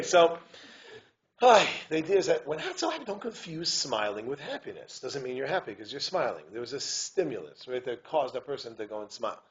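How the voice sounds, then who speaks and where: An animated rabbi with a slightly high voice, giving a lively, digressive community talk. He keeps checking if his listeners understand, and he breaks into chanted Hebrew verses. It is a dull, lo-fi recording.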